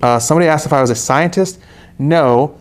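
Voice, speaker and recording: A young man hosting a live painting lesson, relaxed and joking with chatty asides. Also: on the high side, brisk. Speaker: art instructor hosting a live painting stream. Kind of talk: casual live tutorial chat.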